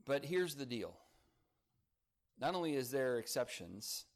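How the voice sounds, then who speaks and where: A man's voice: mid-range voice, very animated, measured pace, pauses often. A man preaching a morning sermon, earnest and emphatic, leaning on key words as he builds each point. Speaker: pastor.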